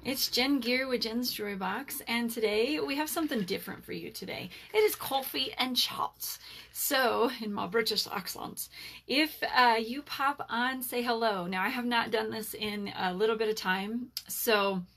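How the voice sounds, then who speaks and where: A woman's voice: a little high, fairly bright tone. A woman in her forties, hosting a casual live Q&A as a network marketer, chatty and rambling with lots of fillers. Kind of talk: casual live-stream chat.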